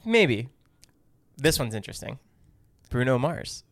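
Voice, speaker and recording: A man's voice: medium pitch, very animated, unhurried, no room sound. A young man co-hosting a casual podcast, playful and teasing, laughing often, reading sponsor ads. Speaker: podcast co-host.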